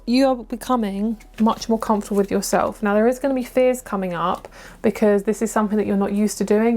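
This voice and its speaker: Brief: woman, mid-pitched voice, chatty and reassuring tarot reader talking to camera, trips over tricky words. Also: a little mellow. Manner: chatty and encouraging, stumbles over hard words. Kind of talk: pick-a-card tarot reading to camera.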